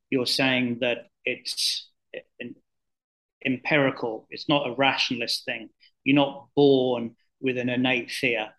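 A man's voice: medium pitch, a bit bright, poor audio. A man co-hosting a podcast, thinking aloud and rephrasing his points as he goes. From New Jersey, USA. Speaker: co-host. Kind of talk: reflective podcast discussion.

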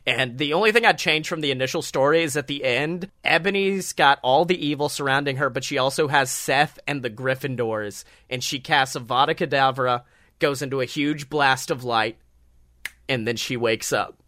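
A man co-hosting a comedy podcast, retelling a story in a rambling, animated way, full of fillers and swearing. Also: mid-range voice, moderate pace, no echo, clean studio sound. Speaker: podcast co-host.

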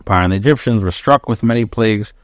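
A rabbi teaches a daily Torah lesson with commentary, reading Hebrew verses in traditional Ashkenazi pronunciation and translating each phrase in short bursts. His voice is lowish and quick, captured in studio quality with no room sound.

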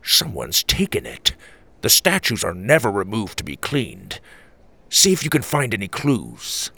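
A man voicing a wise older grandfather in a storybook reading, speaking slowly and deliberately. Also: fairly low pitch, huge pitch swings, creaky, sharp tone, dry recording, heavily acted. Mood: grave. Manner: slow, deliberate speech.

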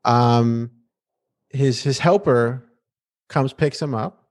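This podcast co-host is a man with a medium-pitched voice who speaks slowly. He recaps a TV episode casually and playfully, and his animated delivery is full of restarts.

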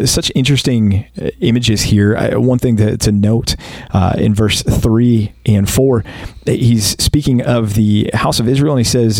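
An American man co-hosting a casual Bible discussion, thinking aloud and reading verses slowly and deliberately. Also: mid-range voice, a little mellow, no room sound. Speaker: podcast co-host.

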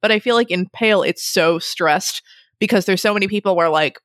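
A woman's voice: medium pitch, brisk, dry recording, clean studio sound. A woman in casual chat about a book, rambling and laughing often as she retells scenes. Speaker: book podcast co-host.

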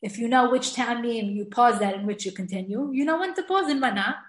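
A woman's voice: on the high side, brisk. Woman, teacher, online class, enthusiastic, chatty, echoey room. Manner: enthusiastic, chatty, frequent laughs and restarts. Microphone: video call.

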